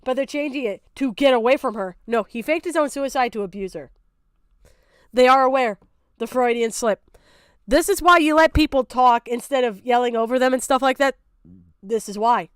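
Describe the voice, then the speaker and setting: A woman's voice: fairly high pitch, moderate pace, clean tone, no echo, clean studio sound. A woman streaming and chatting casually, with a goofy, cartoonish voice, laughing often and swearing freely.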